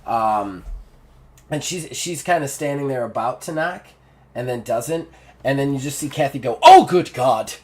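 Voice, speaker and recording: A man's voice: medium pitch, normal speed. A man narrating a tabletop game as game master, casual and swearing freely. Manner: casual, swears, laughs easily.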